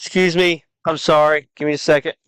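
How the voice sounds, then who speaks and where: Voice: mid-range voice, little pitch movement, brisk, clear, resonant tone, dry recording. A gaming streamer giving casual commentary while playing, frustrated, swearing and muttering at the game.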